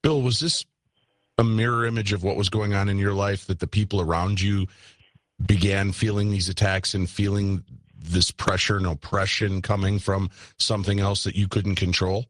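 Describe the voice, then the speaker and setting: A father hosting a talk show and asking his guests thoughtful, measured questions. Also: low voice, little pitch movement, no room sound. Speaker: host. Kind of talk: interview questions.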